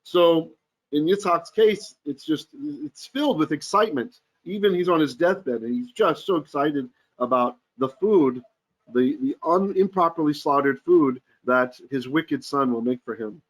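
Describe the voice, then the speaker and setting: Speaking at a measured pace in a fairly high voice, this male rabbi teaches a Torah portion in a relaxed online class. He chants the Hebrew verses, then translates with jokes and casual banter, frequently pausing to clear his throat.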